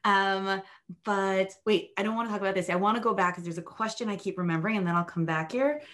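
A woman hosting a podcast interview, chatty and lively, breaking in with quick asides and questions. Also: medium pitch. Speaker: podcast host.

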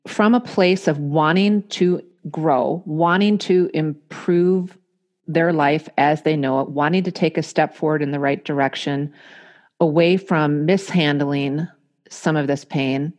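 Woman, low voice, podcast host, measured and thoughtful. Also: darkish tone. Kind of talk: casual podcast conversation.

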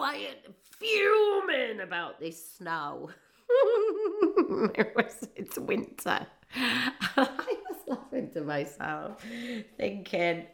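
A woman in her forties with a Northeast English accent, rambling through a jokey casual monologue and laughing often. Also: on the low side. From northeast England. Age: 40s.

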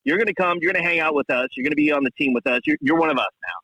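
A man's voice: a little high, very fast, sharp tone, no echo. A tipsy man telling a laid-back story on a casual sports talk show. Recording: dull dry radio sound.

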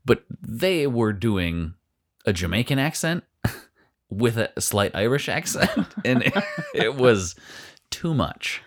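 A man's voice: mid-range voice, lively intonation, takes it slowly. A man co-hosting a casual podcast chat, rambling, trailing off mid-sentence and laughing often. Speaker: podcast co-host.

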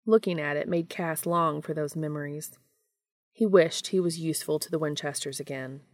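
A woman reading fan fiction aloud in a measured, even storytelling manner. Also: deep voice, dry recording, clean studio sound. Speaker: fanfiction reader.

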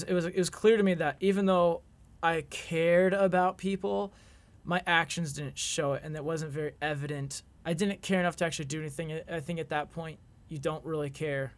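A man in his twenties, a podcast guest, telling a personal story in an earnest, reflective way with halting restarts. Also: on the high side.

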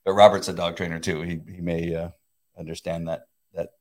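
A man in his fifties co-hosting a casual faith chat, excitable and laughing often, often restarting mid-sentence. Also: deep voice, brisk. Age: 50s. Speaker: co-host.

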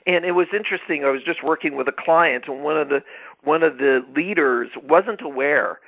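A man's voice: on the high side, vocal fry, dull audio. Emphatic man hosting a leadership podcast. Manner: emphatic, repeats phrases, restarts mid-word. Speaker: podcast host. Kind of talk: motivational leadership talk.

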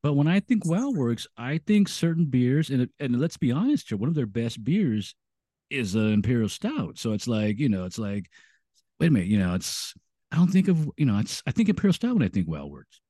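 A man's voice: medium pitch, very animated, fairly quick, warm tone, no echo, studio quality. A man co-hosting a casual beer podcast, rambling with many restarts. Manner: rambling, full of restarts and "you know". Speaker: podcast co-host. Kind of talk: casual chat.

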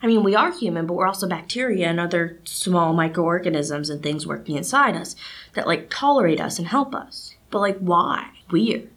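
A woman's voice: on the low side, normal speed. A teenage girl hosting a student podcast, talking casually and animatedly, with lots of fillers. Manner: chatty and animated, lots of "like" and "you know". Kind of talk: casual solo podcast monologue.

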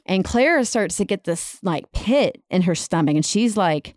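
Smooth-voiced woman telling a story casually. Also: medium pitch, lively intonation, moderate pace, hardly any pauses, darkish tone, dry recording, studio quality. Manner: dramatic retelling with many fillers. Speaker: podcast storyteller.

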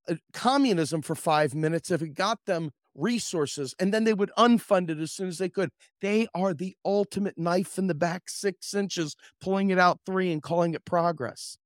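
A man hosting a podcast, ranting about politics in a profane, sarcastic, impassioned way, swinging from loud outbursts to low mutters. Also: dry recording, studio quality. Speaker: podcast host. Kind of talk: political commentary rant.

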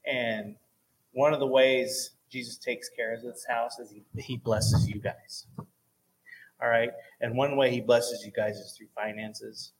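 A man's voice: mid-range voice, steady tone, a little slow, poor audio. Guy pastor chatting at church, laid-back and earnest, keeps checking in w the room. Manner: casual, earnest, chatty with fillers. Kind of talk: church offering talk. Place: church service.

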